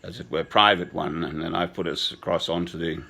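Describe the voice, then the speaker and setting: A man in his sixties talking in a slow, sentimental, rambling personal monologue with chuckles. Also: deep voice, fairly even intonation, creaky, bright, forceful tone. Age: 60s. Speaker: speaker addressing a woman.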